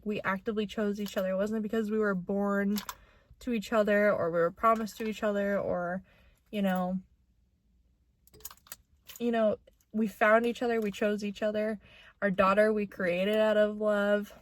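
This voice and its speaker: A young adult woman speaks casually to her camera in a vlog, chatty, candid and sentimental, with plenty of filler words. Her voice is medium in pitch, and the recording has no echo.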